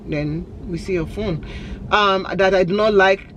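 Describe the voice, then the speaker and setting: A woman's voice: lowish voice, normal speed, a little hiss or hum. Chatty woman vlogger. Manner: chatty and candid, laughs often. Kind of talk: casual Q&A vlog.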